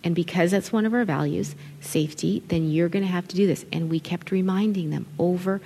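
Expressive woman speaking in a big hall. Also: fairly low pitch, a little fast, slight background noise. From Italian family background. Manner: expressive, conversational, quotes people in acted voices. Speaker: children's ministry leader. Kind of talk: conference talk to ministry leaders. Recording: long hall reverb.

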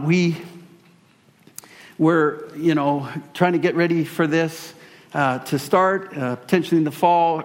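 Man, high voice, pastor, sermon storytelling, animated, self-deprecating.

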